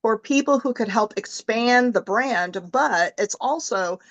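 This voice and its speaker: A woman hosting a casual call, slow and encouraging as she asks a guest to speak. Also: on the high side, dry recording. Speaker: host.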